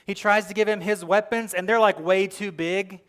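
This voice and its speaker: A young adult male pastor giving a sermon, telling the story with lively, acted-out quotes and earnest direct address. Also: high-pitched, normal speed, clear, resonant tone. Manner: animated storytelling, acting out quoted lines.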